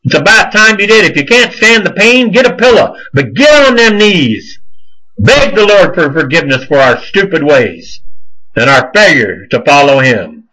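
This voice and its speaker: Fiery, scolding high-voiced man. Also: very animated, moderate pace, pushed and bright, poor audio. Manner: heated, scolding, preacher-like ranting. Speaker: show host. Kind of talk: fiery religious commentary monologue.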